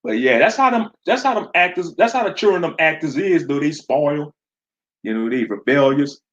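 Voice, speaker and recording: Male stream commentator, blunt and slangy, laughs a lot, slightly high voice. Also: animated, a little fast, fairly bright tone, highs cut off. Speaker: online commentator.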